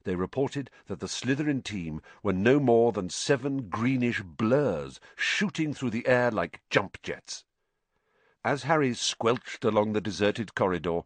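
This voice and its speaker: A man narrating an audiobook with expressive storytelling. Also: mid-range voice, unhurried, no room sound. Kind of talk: scripted narration.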